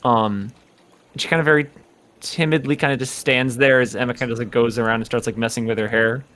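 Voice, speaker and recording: A man's voice: medium pitch, steady tone, fast, a bit bright. A man narrating as game master of a tabletop horror game, loose and full of filler words. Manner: loose, hedging, full of likes and kindas.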